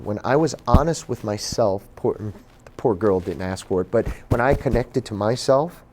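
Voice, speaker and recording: A man giving a personal storytelling talk at a bookstore event, animated and acting out the voices he quotes. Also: lowish voice, slight background noise. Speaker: author and speaker.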